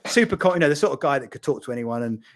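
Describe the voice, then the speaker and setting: A man, a podcast guest, telling lively anecdotes in casual storytelling style and acting out the voices of people he quotes. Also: mid-range voice, racing.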